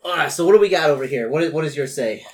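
A man's voice: fairly high pitch, expressive, fast, darkish tone. Loose-talking male game master. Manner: loose, many fillers. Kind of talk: narrating a tabletop game.

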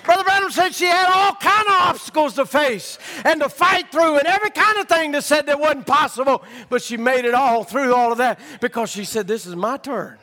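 A man preaching a sermon, rising from quiet storytelling to fervent shouting. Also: very high-pitched, normal speed, hardly any pauses, in a large hall.

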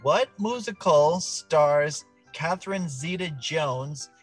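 A man's voice: a little high, takes it slowly, faint music behind. A man co-hosting a casual podcast and reading quiz cards in a playful, joking way. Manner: playful, jokey, animated. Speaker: podcast co-host, quiz reader. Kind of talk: casual chat.

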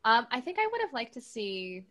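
Woman, podcast co-host, casual chat, bright voice, many fillers. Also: a little high, very animated, a little fast. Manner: hesitant, many fillers, trails off softly.

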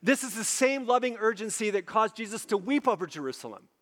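A man preaching a sermon, emphatic, repeating phrases for stress and slowing low on key points. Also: lively intonation, a bit bright, long reverb tail.

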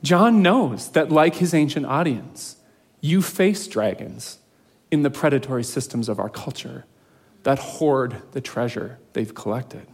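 A man preaching a sermon in an earnest, measured way, slowing down to stress key phrases. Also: mid-range voice, lively intonation, slightly rough. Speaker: pastor.

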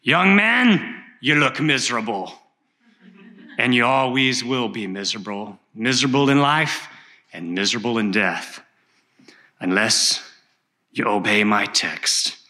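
A man's voice: mid-range voice, a little slow, sharp tone. A man voicing an old male shoemaker who preaches in a fervent, pleading, repetitive cadence. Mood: stern urgent.

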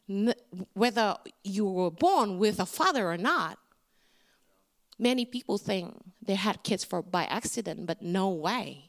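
High-voiced woman preaching. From Indonesia. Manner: animated storytelling with big pitch swings. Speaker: guest speaker. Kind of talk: sermon.

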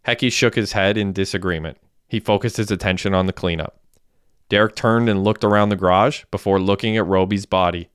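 Smooth-voiced man narrating. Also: low voice, fairly even intonation, a little fast, no room sound, studio quality. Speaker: audiobook narrator. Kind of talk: scripted narration.

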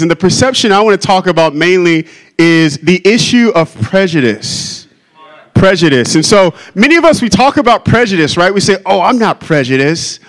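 High-voiced joking male pastor. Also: a bit bright, low-quality recording. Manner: joking, self-deprecating, conversational. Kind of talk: sermon.

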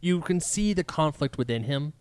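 A man in a casual film discussion, talking in an animated way and acting out scenes in quoted voices. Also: fairly high pitch, normal speed, slight background noise.

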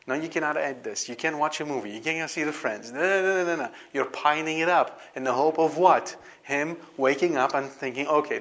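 A man's voice: medium pitch, fairly bright tone. A man giving a Bible study lecture to a class, emphatic and full of rhetorical questions.

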